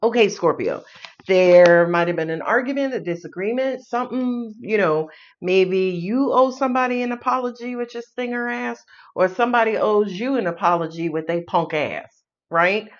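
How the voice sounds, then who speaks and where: A woman's voice: mid-range voice, moderate pace. A woman with a New York accent reads tarot in a loose, sassy way, joking and swearing as she talks. The recording sounds a little dull and lo-fi. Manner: sassy, playful, swearing, laughs often. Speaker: tarot reader. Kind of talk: casual tarot reading.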